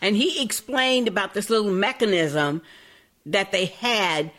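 A woman's voice: medium pitch, a bit bright. A woman co-hosting a podcast, chatty and eager to agree in casual talk. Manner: chatty, quick to laugh along. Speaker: podcast co-host. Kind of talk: casual chat.

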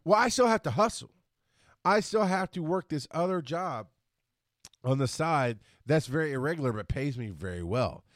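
A man hosting a solo podcast, ranting with frustration and profanity, rushing his words and then reining himself in. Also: a little high, expressive, dry recording, studio quality. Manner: frustrated, profane, talks fast then slows down. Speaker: podcast host.

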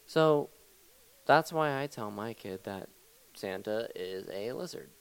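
A man's voice: fairly low pitch, lively intonation, slow, smooth. A young man hosting a comedy talk show, ranting in a rambling, profane, mock-serious way. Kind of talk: improvised comedy rant.

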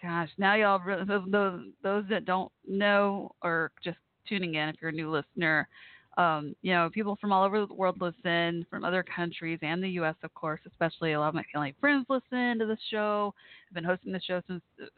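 A woman's voice: on the low side, a little fast, no echo. A woman hosting a casual call-in talk show, chatty and giggly, with frequent laughs and fillers. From Texas. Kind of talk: casual call-in radio chat. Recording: tinny phone-like line.

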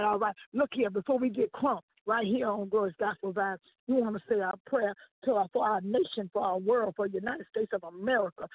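A gospel radio host, a woman, prays with a fervent preacher's cadence and stretched-out phrases. Her voice is husky and close, with no room around it. It all comes through a thin, phone-like line. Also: on the high side, no echo. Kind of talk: spoken prayer on air. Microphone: phone call-in.

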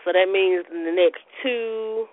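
A woman's voice: mid-range voice, unhurried, no echo. Gushing woman radio host, tinny. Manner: bubbly and gushing, with call-and-response church phrases. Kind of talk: casual radio talk. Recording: tinny phone-like radio audio.

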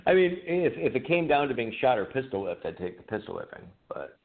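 A man's voice: mid-range voice, big pitch swings, normal speed. A man co-hosting a podcast, telling an old story in casual chat, laughing often and swearing. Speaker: podcast co-host. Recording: phone-like audio with faint noise.

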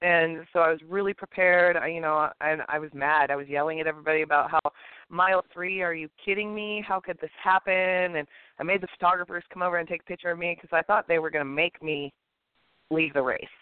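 A woman co-hosting a podcast, telling a personal story in a casual, animated way and acting out the people in it. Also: sits low, fast talker, smooth, dry recording. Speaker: podcast co-host. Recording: tinny phone-line sound.

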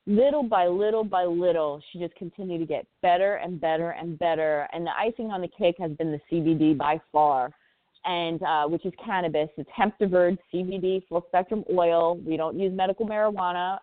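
Her voice on the low side and brisk, a parent in her forties recounts her story as a radio guest, earnest and impassioned and often repeating words for emphasis. The recording is a tinny phone line, dry with no room sound.

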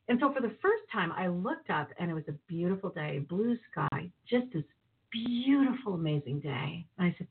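Woman, animated storyteller, husky voice, narrow phone-line sound. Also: medium pitch, normal speed. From northern Minnesota. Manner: lively, laughing, acts out voices in her story. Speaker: guest.

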